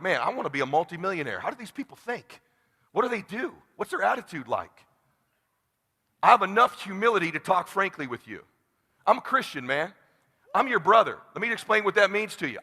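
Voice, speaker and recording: A man in his forties giving a blunt motivational sales seminar to a live audience, dropping to a hush and then shouting. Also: sits high, gravelly, breathy edge. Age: 40s. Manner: blunt, swings from hushed to shouting. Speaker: sales trainer. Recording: long hall reverb.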